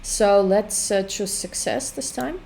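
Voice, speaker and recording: A woman giving casual walkthrough commentary on her own game, thinking aloud with hesitant pauses. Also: medium pitch, vocal fry, warm tone, slight background noise. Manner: hesitant, full of fillers and restarts while thinking aloud. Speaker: game creator demonstrating her work.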